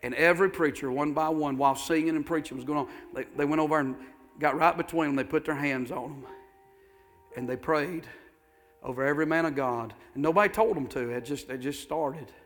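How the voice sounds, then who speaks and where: A man's voice: on the high side, brisk, faint music behind. A male pastor preaching a sermon, telling folksy stories with fervor and repeating his phrases.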